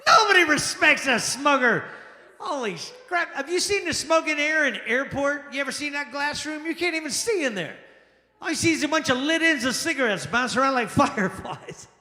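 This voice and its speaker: Bright, forceful male stand-up comic, exclamatory, recorded in a roomy lounge. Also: extremely high pitch, brisk. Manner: animated, exclamatory, acts out quoted people. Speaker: stand-up comedian. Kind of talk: stand-up comedy set. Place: jazz lounge stage. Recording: echoey lounge with long reverb.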